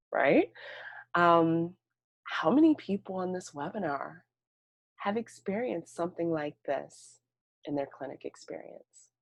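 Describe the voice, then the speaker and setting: A woman presents a webinar with a low voice that is dry and close. She talks in a conversational way, telling stories and using plenty of fillers. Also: no echo. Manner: conversational, storytelling, frequent fillers. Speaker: presenter, mental health clinician.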